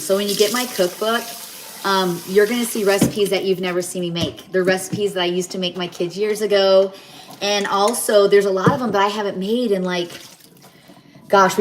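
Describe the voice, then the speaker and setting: A middle-aged woman hosting a casual cooking livestream from her home kitchen, chatting in a rambling way with many restarts while doing the dishes. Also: medium pitch. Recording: kitchen noise of dishes and water. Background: running water and clattering dishes.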